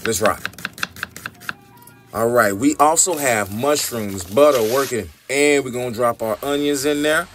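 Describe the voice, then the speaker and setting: A man's voice: medium pitch, unhurried, faint music behind. A man, narrating a recipe tutorial for his cooking channel in an upbeat, chatty way, often calling his viewers y'all.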